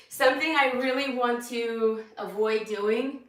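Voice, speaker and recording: A woman fitness coach talking casually to her followers, tearful and rambling, with quick bursts and laughs. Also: on the high side, fairly even intonation, fairly bright tone, far from the mic. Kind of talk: emotional casual talk to followers. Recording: echoey room, voice off-mic.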